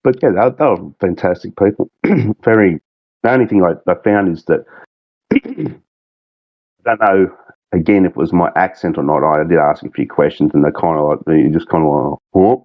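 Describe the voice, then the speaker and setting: A man with a thick Australian accent, a game mod creative director, chats as a podcast guest in a rambling, laid-back way. His voice sits low at a moderate pace, in a dry recording with the highs cut off.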